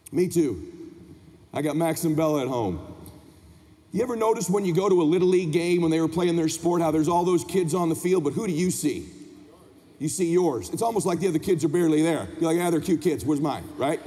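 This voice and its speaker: Warm in tone, fairly high and fast, this man gives an impassioned motivational talk from a convention stage. He preaches to the audience and keeps pushing questions at them, his words trailing off into the long reverb of the hall.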